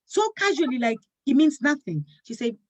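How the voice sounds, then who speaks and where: A woman's voice: sits high, big pitch swings, moderate pace. Earnest storytelling woman host. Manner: earnest storytelling, acting out quoted dialogue. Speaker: talk show host. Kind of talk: casual talk show conversation.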